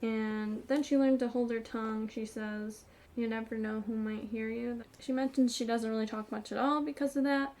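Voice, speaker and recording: A woman's voice: fairly high pitch, steady tone, moderate pace, darkish tone. A woman hosting her own book channel, chatting casually through a chapter recap and hedging often with "kind of" and "like".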